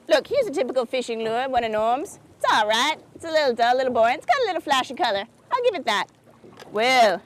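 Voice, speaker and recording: A woman's voice: high-pitched, a little hiss or hum, lightly acted, rough recording. A woman doing a chirpy, sugary craft-show host. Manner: chirpy, folksy and sugary, keeps asking "isn't that sweet". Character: perky, oblivious small-town woman who hosts a craft show. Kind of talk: comedic public-access TV hosting. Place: outdoors by a lake.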